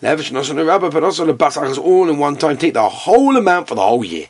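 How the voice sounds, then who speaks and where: Animated man teaching Talmud with Yeshivish Ashkenazi Hebrew pronunciation. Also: quick pace, no echo, studio quality. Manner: animated storytelling, acting out characters with big jumps in pitch. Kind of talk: Talmud class, reading Aramaic and translating.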